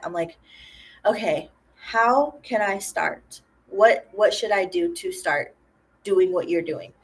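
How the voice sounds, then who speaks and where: Chatty young woman telling a story. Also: a little high. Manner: chatty, animated retelling with quoted voices. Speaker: lash artist vlogger. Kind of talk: casual storytime vlog.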